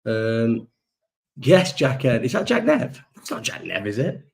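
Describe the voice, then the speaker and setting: A man's voice: mid-range voice, big pitch swings, unhurried, vocal fry. Lad hosting a loose live chat, sweary and jokey, talking into his laptop mic. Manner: rambling, sweary, jokey banter. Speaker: livestream host. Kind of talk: casual live chat reading viewer comments. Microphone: laptop built-in microphone.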